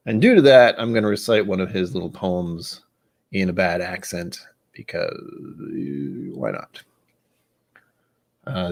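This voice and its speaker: Low-voiced man rambling on a livestream. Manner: rambling and self-deprecating, muttering asides to himself. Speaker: livestream host. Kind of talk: casual livestream chat.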